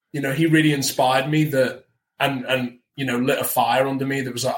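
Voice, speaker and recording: A man's voice: medium pitch, little pitch movement, a little fast, a little hiss or hum. A man from the north of England, an actor guest chatting casually and animatedly in an interview, often restarting his sentences. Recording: roomy echo.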